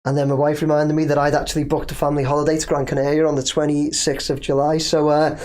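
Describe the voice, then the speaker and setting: Chatty English football livestream host. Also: male voice, fairly high pitch, level tone, fast, a little mellow. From England. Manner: chatty, rambling, self-deprecating. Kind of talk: casual livestream chat reading viewer comments.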